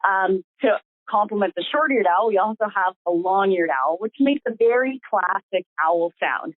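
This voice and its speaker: A woman's voice: mid-range voice, expressive, normal speed, dry recording. A woman biologist giving a friendly presentation on a conference call. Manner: friendly, mimics owl calls. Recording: tinny phone line, dry.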